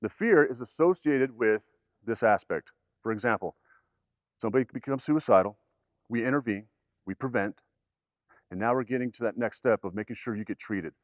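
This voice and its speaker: A man's voice: medium pitch, moderate pace, long pauses, no room sound. A middle-aged man from the United States giving a suicide prevention talk in a conversational way, acting out quoted dialogue. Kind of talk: presentation talk with jokes and stories. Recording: dry, dull lo-fi sound.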